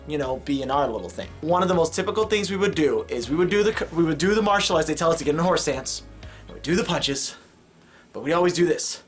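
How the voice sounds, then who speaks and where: A young man from Chicago talking to camera in a casual vlog, jokey and rambling, with many fillers and self-mocking asides. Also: on the high side. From Chicago, United States. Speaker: vlogger.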